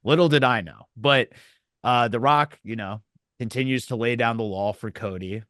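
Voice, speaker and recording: A man co-hosting a casual wrestling review podcast, telling events in an animated way with acted quotes. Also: medium pitch, moderate pace, dry recording, studio quality. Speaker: podcast co-host.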